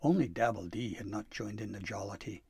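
A man reading a storybook aloud in a soft, unhurried narration, gravelly and husky. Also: lowish voice, no echo.

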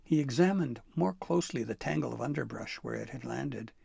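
A man narrating a storybook with an expressive, dramatic read-aloud manner. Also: mid-range voice, brisk, gravelly, husky, dry recording.

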